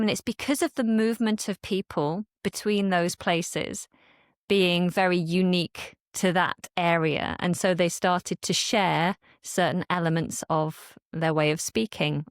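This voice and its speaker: British woman on a podcast, lowish voice, dry close sound, gets animated explaining stuff. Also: no room sound. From Britain. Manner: animated, explanatory, acts out reactions. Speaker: English teacher and guest. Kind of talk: podcast conversation. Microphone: studio podcast mic.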